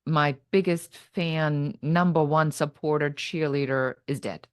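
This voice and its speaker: A middle-aged German woman with a low, steady, unhurried voice is a podcast guest telling her personal story in conversation, dramatically acting out her own past thoughts. The studio-quality recording has no room sound.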